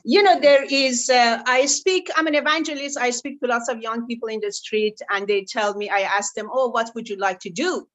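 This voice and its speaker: A woman evangelist on a discussion panel, quoting scripture in a lively way with hesitant fillers. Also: a little high, normal speed, hardly any pauses. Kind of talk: panel comment.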